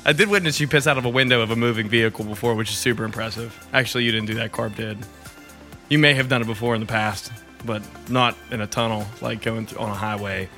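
A man's voice: fairly low pitch, steady tone, quick pace, bright, forceful tone, soft background music. A young man co-hosting a casual chat who laughs often and swears freely while joking crudely. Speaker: podcast co-host.

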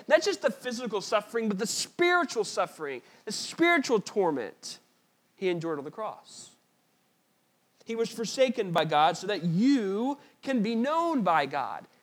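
A male preacher with a fairly high voice gives an earnest, emphatic sermon. He presses his points in short repeated phrases and sometimes trips and restarts mid-word. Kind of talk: sermon with a read-aloud story passage.

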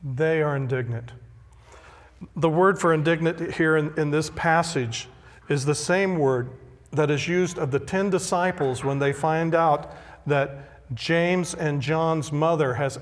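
A male pastor preaching a sermon, emphatic and deliberate, repeating key phrases. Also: fairly high pitch. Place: church sanctuary. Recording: long hall reverb.

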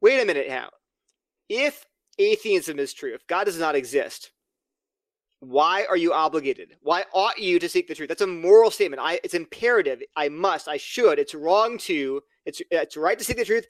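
High-voiced man arguing earnestly. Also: animated, normal speed, no room sound. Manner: earnest, argumentative, acts out quoted dialogue. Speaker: podcast guest. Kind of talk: casual podcast conversation.

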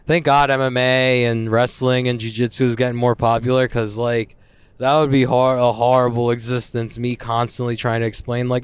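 A man's voice: medium pitch, level tone, moderate pace, clear, resonant tone, dry recording. A young man ranting casually to the camera, agitated and profane, rambling about his own troubles. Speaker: vlogger.

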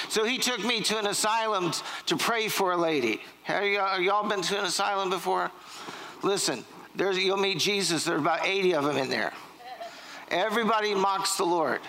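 A man's voice: high-pitched, bright, forceful tone, a little hiss or hum, rough recording. A middle-aged man, preaching a sermon in a church, telling jokes and stories and quizzing the congregation. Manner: joking, storytelling, quizzing the congregation. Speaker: pastor. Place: church sanctuary.

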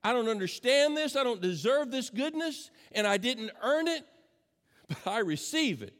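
A pastor preaching a sermon with passion, swinging between loud declarations and hushed, intimate asides. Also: male voice, very high voice, big pitch swings, moderate pace, in a large hall.

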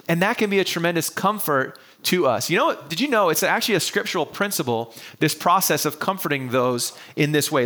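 A man's voice: fairly high pitch, sharp tone. A male pastor preaching a sermon to an online congregation, earnest and repeating key phrases for emphasis.

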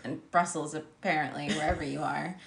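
A woman's voice: sits low, steady tone, brisk, vocal fry, echoey room. A woman co-hosting a casual podcast, reading out folklore entries with frequent ums and laughter. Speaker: podcast co-host. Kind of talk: casual chat.

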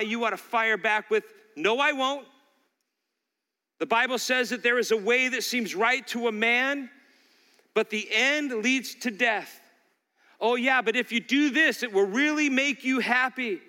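High bright-voiced preacher in a reverberant hall. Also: male voice. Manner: preaching with rising intensity, acting out Satan's lies. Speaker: pastor. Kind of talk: sermon.

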